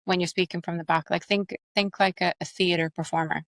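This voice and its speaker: A woman with an Irish accent, an accent coach and actress, explaining her methods quickly and animatedly in an interview. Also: fairly low pitch, no room sound. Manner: fast, animated, explains with examples.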